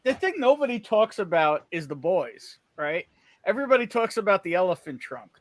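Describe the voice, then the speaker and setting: A man's voice: high voice, normal speed. A man hosting a casual livestream chat over a video call, telling stories animatedly and cutting in to keep the floor. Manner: animated, storytelling, interrupts to hold the floor. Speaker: host.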